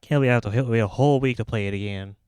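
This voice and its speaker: A young man streaming live rattles along rapid-fire in a medium-pitched, darkish voice, playing and chatting casually with restarts and slang. His studio mic with a pop filter gives a clean tone with no echo.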